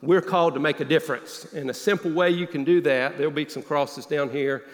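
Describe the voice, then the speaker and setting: A man preaching a sermon, telling a personal story in an earnest voice that often drops low and quiet. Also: fairly even intonation, brisk. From Northeast Alabama. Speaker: pastor. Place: church sanctuary. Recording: long hall reverb.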